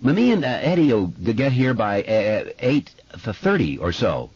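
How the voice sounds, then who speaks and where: A man's voice: mid-range voice, very animated, measured pace, darkish tone, husky, dry recording, lo-fi sound, pitched above the performer's own voice. A man voicing an earnest eleven-year-old boy with a heavy stutter, in an audiobook.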